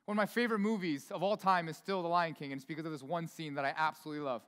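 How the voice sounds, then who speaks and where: A man with a notably high voice delivers a sermon in a relaxed, conversational way, tossing asides to his congregation. His voice rings out with a long reverb from the church hall around him. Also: racing. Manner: casual, chatty preaching with many asides. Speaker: pastor. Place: church sanctuary.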